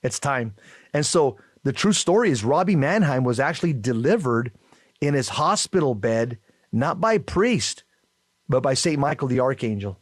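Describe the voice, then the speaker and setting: A man's voice: medium pitch, very animated, normal speed, no room sound, clean studio sound. A man co-hosting a Catholic radio show, telling stories casually with many fillers and restarts.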